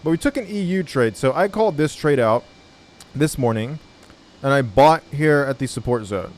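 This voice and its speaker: A man's voice: mid-range voice, lively intonation, moderate pace. A man giving a casual trading tutorial in a blunt, laid-back manner, swearing freely. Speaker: trading educator.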